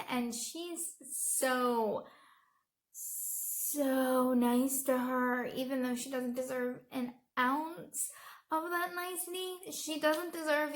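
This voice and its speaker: A high-pitched woman's voice talks straight to her viewers in a loose, chatty commentary. She is sarcastic and exasperated, and she throws pointed asides at the person she is discussing. Her delivery is casual and conversational. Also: sharp tone. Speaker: YouTube commentator.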